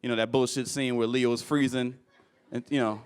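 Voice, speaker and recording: A young man performing a stand-up comedy set on stage, animated and acting out people with loud high voices. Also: normal speed, smooth. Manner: animated, acts out characters with shouted high voices. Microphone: handheld stage mic.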